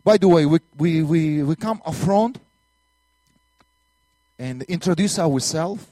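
Missionary preacher from Latvia, Russian accent, slightly high male voice, dry close sound, earnest testimony style. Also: slow, mellow, no room sound. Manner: earnest storytelling with broken English and repeated words. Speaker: minister and missionary. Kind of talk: testimony sermon.

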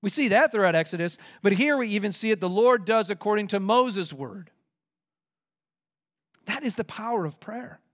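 A man's voice: high-pitched, expressive, moderate pace, a bit bright. A man preaching an expository sermon verse by verse, talking in an earnest, emphatic way.

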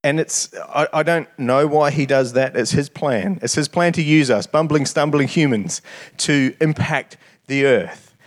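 A man's voice: a little high, unhurried. A man preaching a sermon in an earnest way, often repeating words as he starts his phrases.

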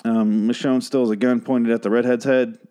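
A man's voice: medium pitch, flat delivery, brisk, mellow. A man losing his voice, rambling through a casual, profane and sarcastic recap of a TV episode as a podcast host.

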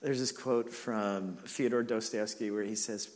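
Pastor telling a story in a big hall. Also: male voice, fairly low pitch, steady tone, measured pace, few pauses. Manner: storytelling with self-mocking humor and laughs. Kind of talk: sermon.

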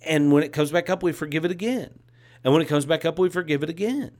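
A man's voice: a little high, quick pace, a little mellow. A man preaching a sermon as a pastor, with a repetitive, emphatic cadence and casual asides.

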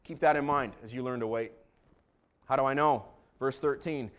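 A man preaching a sermon as pastor, joking and animated, moving between calm asides and loud bursts. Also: medium pitch, normal speed.

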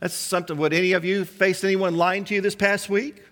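High-voiced man preaching in a reverberant hall. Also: flat delivery, a little fast, a bit bright. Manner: preaching with many rhetorical questions to the congregation. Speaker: pastor. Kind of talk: sermon.

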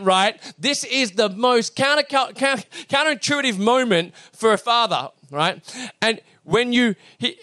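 Animated high-voiced man telling a story. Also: no room sound, clean studio sound. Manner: animated, acts out dialogue, lots of fillers and restarts. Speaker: speaker addressing an audience. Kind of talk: storytelling talk to a live audience.

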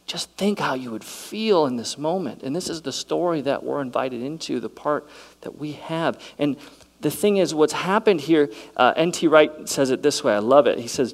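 A man preaching a sermon, shifting between quiet reflective passages and loud, excited storytelling. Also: fairly high pitch, normal speed, vocal fry, poor audio. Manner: dynamic preaching, swings from soft to loud and excited. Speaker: pastor.

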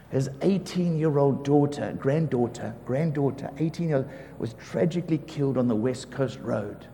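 A man preaching as a pastor, telling lively stories about his neighbours, acting out the quotes and often laughing. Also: on the high side. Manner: animated storyteller, acts out quotes, laughs often. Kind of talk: sermon storytelling. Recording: reverberant hall with faint ambience.

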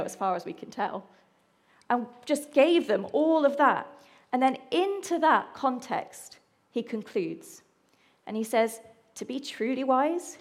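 Playful woman preaching. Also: a little high. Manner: chatty and playful, jokes with the congregation. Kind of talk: lively sermon with audience activity.

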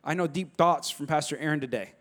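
A male pastor, preaching a sermon with animated storytelling and frequent restarts. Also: a little high, quick pace.

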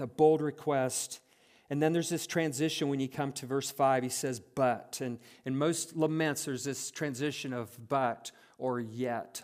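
Earnest pastor preaching on lament. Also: male voice, medium pitch. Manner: earnest, measured, reads scripture with slowed emphasis. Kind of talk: sermon.

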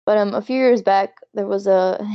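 A woman's voice: medium pitch, measured pace, clean tone, lo-fi sound. A woman chatting casually on a podcast, telling anecdotes with frequent giggles. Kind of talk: casual chat.

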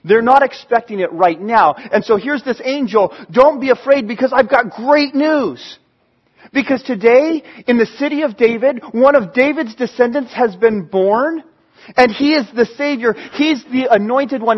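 An excitable man telling a sermon story with lively animation. His voice is very high and somewhat husky, caught on a dull, lo-fi recording. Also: unhurried. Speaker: storyteller preacher.

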